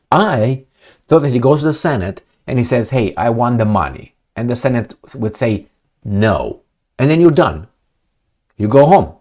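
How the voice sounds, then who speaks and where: Rambling, sarcastic low-voiced man. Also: darkish tone. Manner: sarcastic, rambling, with many fillers and restarts. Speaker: political commentator. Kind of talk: casual monologue commentary.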